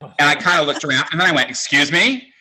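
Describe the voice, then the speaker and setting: His voice runs a little high and races along, bright and forceful. He's a man in his sixties doing campy, self-deprecating, conversational stand-up from home for an online show.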